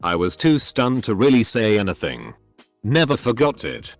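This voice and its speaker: A man narrating read-out stories in an even, matter-of-fact way. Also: on the low side, normal speed, soft background music. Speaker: narrator reading online posts. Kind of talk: scripted narration.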